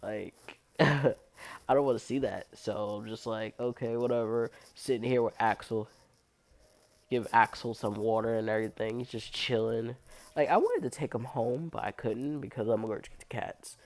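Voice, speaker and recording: A man's voice: fairly low pitch, normal speed. A young man who is sick, telling a rambling, casual story as a vlogger, with lots of "like" fillers. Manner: loose and rambling, heavy use of "like".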